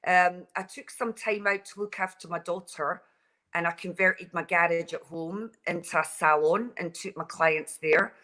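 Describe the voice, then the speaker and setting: A woman's voice: fairly low pitch, steady tone, normal speed, bright, forceful tone, poor audio. A Scottish woman in her forties, chatting as a guest over a mobile phone and laughing easily. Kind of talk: casual call-in chat. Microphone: mobile phone over wireless.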